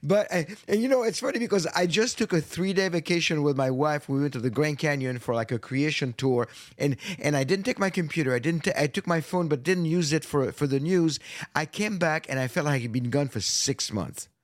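A middle-aged man appearing as a guest on a radio talk show, chatting casually in an animated, halting way and laughing easily. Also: a little high, dry recording, clean studio sound. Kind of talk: casual interview chat.

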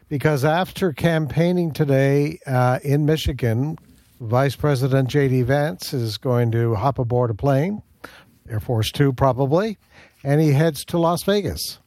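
A man presenting a news segment on talk radio, with brisk, storytelling delivery. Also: medium pitch, darkish tone, dry recording.

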